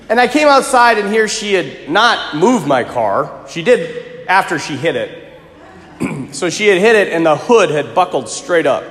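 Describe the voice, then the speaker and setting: A priest preaching a sermon, telling a personal story in an animated way with chuckling asides. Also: male voice, high voice, moderate pace. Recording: echoey reverberant hall.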